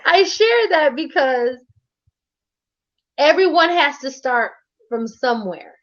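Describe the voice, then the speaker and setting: High-voiced woman telling a lively story. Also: unhurried. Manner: animated storytelling, laughs often, casual slang. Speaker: live stream co-host doing readings. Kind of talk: casual live stream chat. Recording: dull lo-fi stream audio.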